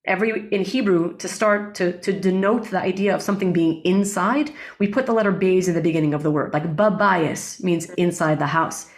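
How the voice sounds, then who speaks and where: A woman with a lowish voice speaks as an interview guest, explaining breathwork in an earnest, teaching way. She often checks in with "right?" and recites lines of Hebrew prayer. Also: fairly quick, hardly any pauses. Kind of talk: reflective interview talk.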